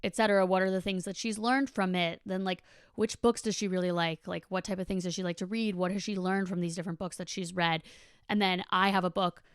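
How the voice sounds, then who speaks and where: Podcast host, woman in her twenties, chatty and casual, swears freely, smooth clear tone. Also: lowish voice, fairly even intonation, fairly quick, no echo, clean studio sound. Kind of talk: casual monologue.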